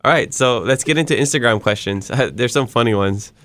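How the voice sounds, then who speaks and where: A man's voice: mid-range voice, a little fast, a bit bright, dry recording. A man hosting a podcast, friendly and affirming, reading listener questions and laughing a lot. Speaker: podcast host. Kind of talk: casual interview chat.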